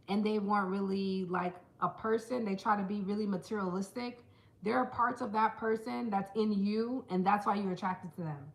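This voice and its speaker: A woman's voice: mid-range voice, bright, forceful tone. A woman vlogging casually to camera, chatty and playful, calling her viewers "girl" and "child,". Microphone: small handheld camera.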